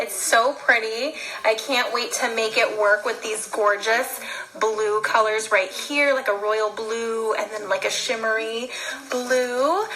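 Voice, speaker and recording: Bubbly, bright-voiced woman vlogger. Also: high voice, low-quality recording. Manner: bubbly and chatty, gushing over products. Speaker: beauty vlogger. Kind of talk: casual makeup unboxing chat.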